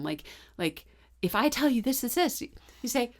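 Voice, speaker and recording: A middle-aged woman co-hosting a parenting show, telling stories in a casual, animated way and breaking into laughter as she acts out quotes. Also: on the high side, measured pace. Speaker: parenting podcast co-host. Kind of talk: casual conversational storytelling.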